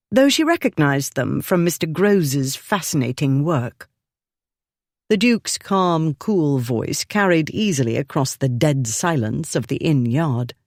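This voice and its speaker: A narrator reading a historical romance novel in a measured storytelling manner. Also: mid-range voice, dry recording, studio quality. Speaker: audiobook narrator.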